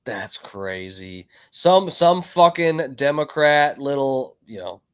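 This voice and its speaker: A man's voice: mid-range voice, lively intonation, takes it slowly, clear, resonant tone. A man hosting a livestream, chatting casually and telling a story in a rambling, profane way with lots of fillers and restarts. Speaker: livestream host. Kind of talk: casual stream chat, storytelling.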